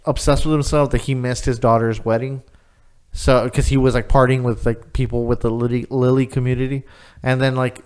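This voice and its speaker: A podcast co-host talking in a loose, casual way. His voice is smooth and clear at an ordinary pitch. He rants with lots of swearing and tells animated stories. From Rio Grande Valley, Texas. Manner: profane, animated storyteller. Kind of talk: casual chat.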